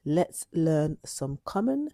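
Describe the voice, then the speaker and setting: A woman's voice: low voice, very animated, slow, dark tone, dry recording. A woman teaching an English lesson for learners, speaking in a patient, instructive way.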